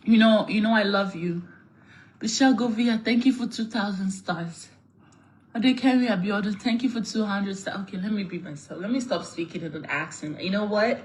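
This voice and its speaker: A woman livestreaming, laughing loudly and thanking viewers for their gifts in a playful, patois-tinged way. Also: mid-range voice, moderate pace, a little hiss or hum.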